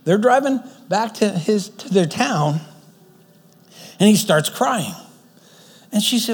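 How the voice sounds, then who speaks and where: Man, high voice, earnest preacher, stumbling restarts, long hall reverb. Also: lively intonation, slow, long pauses, husky. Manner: earnest retelling with frequent restarts. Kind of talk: sermon storytelling.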